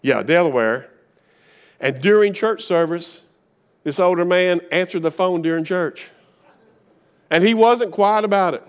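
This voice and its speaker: A man's voice: high-pitched, animated, unhurried, pauses often, clean tone. A middle-aged man with a Kentucky accent, preaching a sermon as a guest speaker in a folksy, joking storytelling manner.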